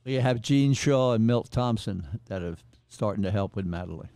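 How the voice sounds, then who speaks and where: A man's voice: fairly low pitch, lively intonation, moderate pace, warm tone, no room sound. A man, a regular on a sports podcast, giving a plainspoken, blunt rant. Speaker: podcast regular, nicknamed coach.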